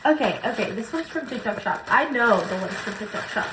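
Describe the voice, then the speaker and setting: A young woman chatting excitedly as she unboxes gifts for her vlog, gushing over each item. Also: fairly high pitch, brisk. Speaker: lifestyle vlogger. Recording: echoey room, noisy background.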